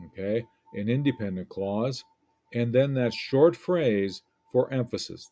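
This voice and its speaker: A man teaching a lesson, picking apart an essay in a deliberate, reflective way with frequent pauses. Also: medium pitch, mellow.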